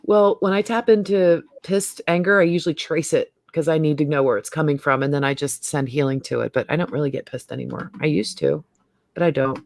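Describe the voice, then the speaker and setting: A woman's voice: sits low, brisk, gravelly, no room sound, studio quality. A middle-aged woman hosting a casual livestream chat, talking freely and laughing often. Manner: chatty, laughs often, trails off and restarts. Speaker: host.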